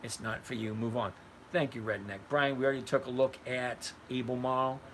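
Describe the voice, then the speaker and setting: An older retired man hosting a casual trading livestream reads the live chat and answers viewers by name, blunt and conversational. His mid-range voice is flat and brisk, and the poor audio has a little hiss or hum.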